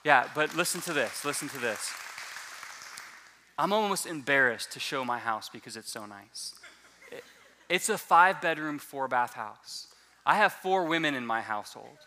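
A man preaching a sermon as a pastor, telling a personal testimony in an animated way and often repeating words as he restarts. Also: medium pitch, moderate pace, some chatter behind, a little hiss or hum.

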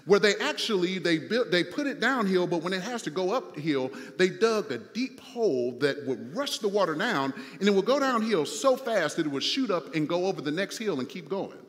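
A man's voice: high-pitched, a bit bright, long reverb tail. A male pastor preaching a sermon in a conversational style, repeating phrases and using fillers as he talks to his church.

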